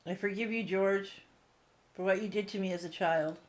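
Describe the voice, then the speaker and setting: A woman hosting a paranormal investigation, earnestly and warmly addressing spirits during a ghost box session. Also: mid-range voice, fairly even intonation, normal speed.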